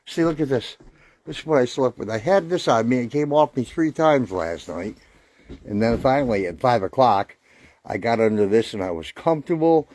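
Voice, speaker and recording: A man's voice: medium pitch, animated, normal speed, darkish tone, slight background noise. A man hosting a paranormal livestream, chatting casually while walking around indoors in an old house. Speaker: paranormal show host.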